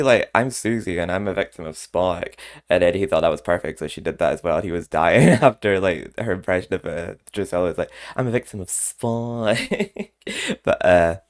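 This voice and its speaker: Guy w a really deep voice rambling casually, laughs a lot. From Scotland. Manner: rambling, chatty, laughs often between remarks. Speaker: vlogger. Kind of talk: casual chat.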